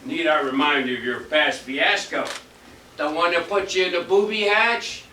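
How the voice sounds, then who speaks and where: A man's voice: fairly high pitch, moderate pace. A man acting a brash, insulting theatre producer in a stage comedy, recorded from far off in an echoey hall. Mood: scornful. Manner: gruff, loud and insulting. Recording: echoey stage from a distant mic, faint hiss.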